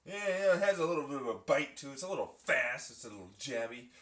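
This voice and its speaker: A man's voice: mid-range voice, lively intonation, fast, a bit bright. A man ranting to camera in a profane, mocking, sarcastic way while pulling an espresso shot. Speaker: vlogger. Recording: echoey room, far from the mic.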